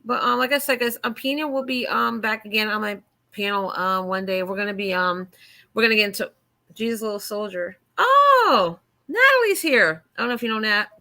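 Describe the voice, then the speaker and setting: A woman's voice: mid-range voice, steady tone, fast talker, vocal fry, pushed and bright. A woman hosting a casual livestream panel, rambling with many ums and restarts. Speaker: host.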